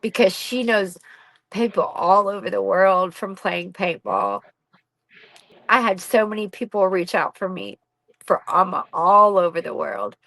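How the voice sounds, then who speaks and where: A middle-aged woman speaks candidly about her own life, blunt and unfiltered, with casual swearing. Her voice sits at an ordinary pitch and is captured dry, with no room sound around it. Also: very animated, unhurried, vocal fry, fairly bright tone, no echo, rough recording. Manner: blunt and raw, swears freely. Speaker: podcast guest, bereaved mother. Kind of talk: candid personal storytelling.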